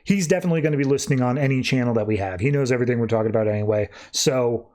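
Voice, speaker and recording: A man hosting a podcast, casually recapping a comic story and jumping into quick, animated character voices as he retells it. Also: medium pitch.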